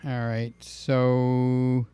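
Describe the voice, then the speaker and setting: A man hosting a camera channel live stream, talking casually in a chatty, jokey and animated way. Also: medium pitch, extremely slow, clear, resonant tone.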